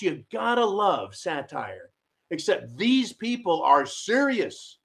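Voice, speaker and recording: A man hosting a ranting political commentary show, sarcastic and mocking, with loud asides to his viewers. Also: fairly high pitch, sing-song, takes it slowly, vocal fry. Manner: sarcastic, mocking, shouty rants with audience asides.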